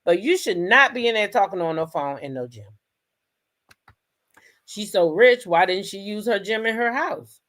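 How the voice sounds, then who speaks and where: A woman's voice: mid-range voice, expressive, moderate pace, long pauses, fairly bright tone. A woman hosting a commentary show, talking in a blunt, chatty way and swearing freely. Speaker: commentary channel host. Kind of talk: casual commentary.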